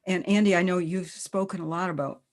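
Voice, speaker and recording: A woman's voice: on the low side, fairly even intonation, brisk. A woman hosting a panel discussion, speaking thoughtfully with hesitant restarts. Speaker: panel host. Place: video call.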